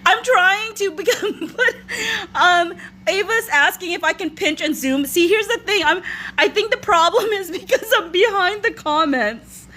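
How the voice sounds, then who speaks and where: A woman's voice: very high-pitched, animated, moderate pace, pushed and bright, a little hiss or hum. A woman hosting a casual live stream from her phone, laughing to tears while reading viewer comments aloud. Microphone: phone front camera.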